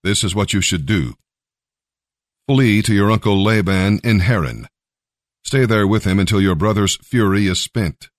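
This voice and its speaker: A man reading the part of a worried, protective mother in a plain, even way. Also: lowish voice, unhurried, no room sound, studio quality, close to an everyday voice. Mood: urgent.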